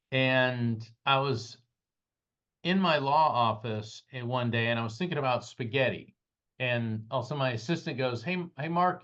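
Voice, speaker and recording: A man recounts a personal story with growing animation, his voice climbing at the dramatic moments. His pitch sits in the middle range. The audio is dull and lo-fi. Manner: animated, dramatic retelling with rising pitch at peaks. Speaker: guest, psychic medium and lawyer. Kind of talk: storytelling in a podcast interview.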